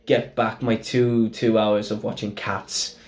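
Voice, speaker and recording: A Welsh man in a casual podcast chat, his voice sitting a little low. He rambles and circles back on himself, landing his points with emphasis and the odd swear word. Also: flat delivery, takes it slowly, a little mellow. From Wales. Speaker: podcast host.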